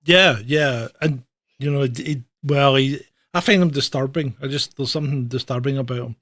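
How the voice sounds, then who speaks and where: A man's voice: mid-range voice, moderate pace, a bit bright, no echo, clean studio sound. A man hosting a livestream news roundup, talking in a blunt, mocking, sweary casual way. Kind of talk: sarcastic casual chat.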